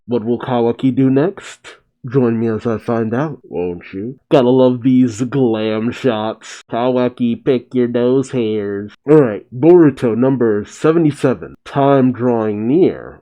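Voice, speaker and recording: A man hosting a reaction video, reading a comic chapter aloud with relaxed, wry asides. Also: mid-range voice, poor audio.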